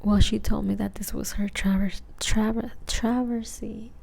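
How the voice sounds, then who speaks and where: A young woman whispers a rambling ASMR story while high, her voice gravelly and dark. She drifts between soft whispers and murmured speech, loose and slangy. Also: flat delivery, a little slow. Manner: rambling, casual, peppered with "like" and swearing.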